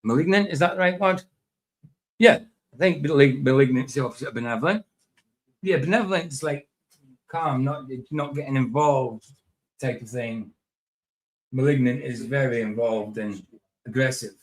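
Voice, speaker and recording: A man's voice: mid-range voice, moderate pace, pauses often. A man hosting a livestream, chatting casually and rambling while reacting to a video, laughing often. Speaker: livestream host.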